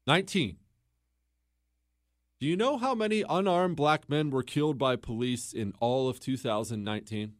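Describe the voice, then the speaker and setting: A man's voice: mid-range voice, moderate pace, dry recording, clean studio sound. A man hosting a talk show, telling a story and arguing his point in an emphatic monologue, repeating words for stress. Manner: storytelling, mimics others in quotes, emphatic repetition. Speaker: podcast host. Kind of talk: opinionated monologue.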